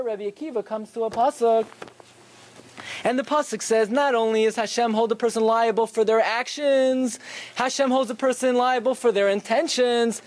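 A man giving a Torah lecture, telling stories with animated rhetorical questions. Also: very high-pitched, a little hiss or hum. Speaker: Torah teacher.

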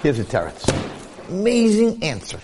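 A man teaches a Torah lesson in a lively, storytelling way, firing off rhetorical questions and acting out the people he quotes. His voice sits a little high for a man and swoops widely up and down. It rings with a long reverb, as if in a large hall. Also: moderate pace, background noise. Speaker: rabbi giving a Torah class. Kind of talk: animated Torah lecture with storytelling.

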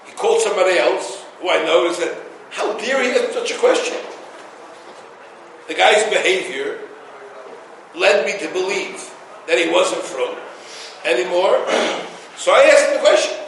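Emphatic high-voiced man preaching in an echoey room. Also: normal speed, gravelly, pauses often, far from the mic, a little hiss or hum. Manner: emphatic, animated storytelling with Hebrew and Yiddish terms. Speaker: rabbi giving a Torah class. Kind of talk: Torah lecture with stories.

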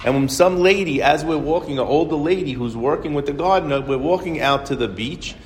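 A man's voice: fairly high pitch, brisk. A man telling anecdotes to an audience in a rambling, conversational way, with frequent restarts. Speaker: speaker telling stories to an audience. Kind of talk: anecdotal storytelling talk. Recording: echoey hall, faint noise.

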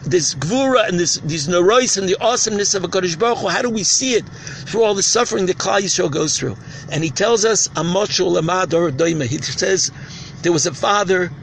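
A man with a Yeshivish English accent and Ashkenazi Hebrew pronunciation, preaching a sermon as a rabbi and acting out dramatic scenes with shouted cries. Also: sits high, a little hiss or hum, poor audio. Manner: impassioned storytelling, acts out shouted cries.

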